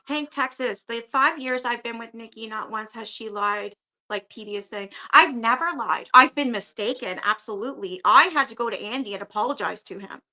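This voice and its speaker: A woman's voice: a little high, normal speed, bright, forceful tone, poor audio. A woman hosting a casual livestream, talking bluntly and profanely and owning up to her mistakes. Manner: blunt, profane, self-critical. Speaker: livestream host.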